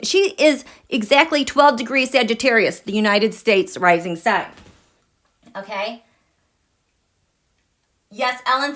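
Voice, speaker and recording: Excitable woman astrology livestream host. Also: high-pitched. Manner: excitable, gushing, drops to breathy whispers for emphasis; checks in with viewers and reads their comments. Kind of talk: live-streamed chat with viewers.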